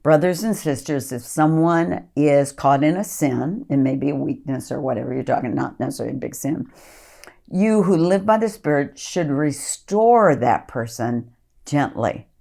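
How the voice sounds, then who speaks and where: A woman's voice: low-pitched, lively intonation, moderate pace, creaky, warm tone. A woman ministry leader giving an earnest podcast teaching talk, reading scripture aloud and coaching listeners.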